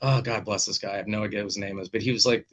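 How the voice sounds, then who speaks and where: A man's voice: lowish voice, fairly even intonation, racing, a bit bright. A man hosting a casual video-call chat, telling stories animatedly and swearing freely. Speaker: podcast host.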